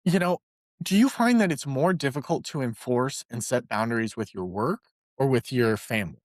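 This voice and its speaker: A man co-hosting a podcast in casual chat, telling stories with animated delivery and acted-out voices. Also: medium pitch, moderate pace, dry recording, clean studio sound. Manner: animated storyteller, voices characters in jokes. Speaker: podcast co-host.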